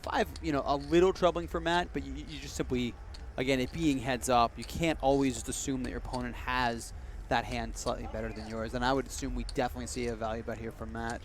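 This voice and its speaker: A man's voice: medium pitch, quick pace. A man calling a heads-up poker match on a live stream, his tone loose and chatty as he trades jokes with his co-host. He restarts his sentences now and then, and a faint hum of the room sits under his voice. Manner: relaxed banter, frequent restarts. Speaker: poker commentator.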